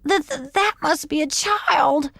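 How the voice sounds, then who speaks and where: A woman plays a little storybook kitten with a thin, high voice. She is timid and shivers from the cold, and her words come out in a soft, stuttering way. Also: expressive, slow, full character voice. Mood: shivering. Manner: shivering, teeth-chattering stutter. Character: small, timid, freezing female kitten.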